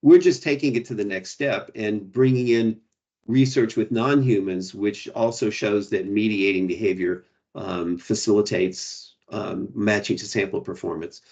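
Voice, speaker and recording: Low-voiced man answering questions hesitantly. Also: fairly even intonation, unhurried, darkish tone, dull audio. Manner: hesitant, restarts, frequent "you know" and "right". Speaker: guest presenter. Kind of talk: academic Q&A answers.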